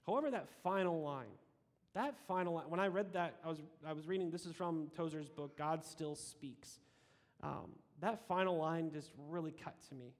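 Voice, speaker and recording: A man's voice: on the high side, moderate pace. A man giving a sermon, reading scripture aloud and adding casual asides, with frequent restarts. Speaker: preacher. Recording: long hall reverb.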